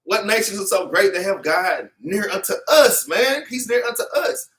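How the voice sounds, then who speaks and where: Man, informal Bible class teacher, preachy, repeats himself, high-ish voice, sits back from the mic. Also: expressive, moderate pace, fairly bright tone, far from the mic. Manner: preachy and repetitive, tags lines with "man" and "okay".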